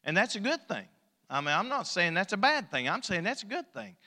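High, bright-voiced preacher in a reverberant hall. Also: male voice, big pitch swings, fairly quick. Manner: folksy preaching, swings from hushed storytelling to loud exhortation. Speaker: pastor. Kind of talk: sermon. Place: church sanctuary.

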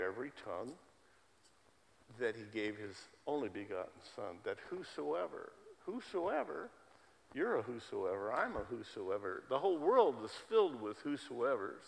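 Guy preaching a sermon, leans hard on repeated words, long echo in a church. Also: medium pitch. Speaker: pastor. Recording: long hall reverb.

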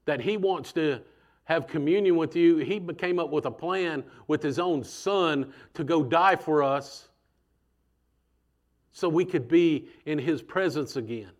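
Animated man preaching a sermon. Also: fairly high pitch. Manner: conversational, animated preaching with acted voices.

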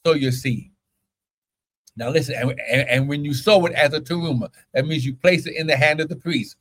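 A pastor preaching a fervent sermon, shouting scripture and breaking into exclamations between verses. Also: male voice, fairly high pitch, brisk, a little hiss or hum.

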